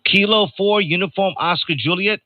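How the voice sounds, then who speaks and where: A man's voice: sits high, dull audio. Older man hosting a ham radio net. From New York. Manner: chatty, joking, reads call signs slowly. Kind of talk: casual radio chat. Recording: noisy radio transmission.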